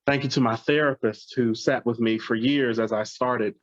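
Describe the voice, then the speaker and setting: An Alabama poet addresses his audience before reading his poems, sounding earnest, heartfelt and softly grateful. His mid-range voice holds a steady tone at a normal speed with no echo. The live reading is captured in a dry, slightly muffled lo-fi recording.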